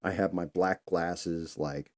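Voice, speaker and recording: Host, male, low and mellow, casual rambling storyteller. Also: steady tone, slow, slight background noise. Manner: rambling, loose, conversational. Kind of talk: casual live-stream storytelling.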